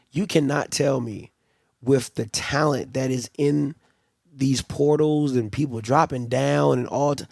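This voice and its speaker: Exasperated rambling man with a creaky voice. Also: medium pitch, darkish tone, no echo, clean studio sound. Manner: rambling, exasperated, repeats himself. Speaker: livestream host. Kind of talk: casual sports commentary.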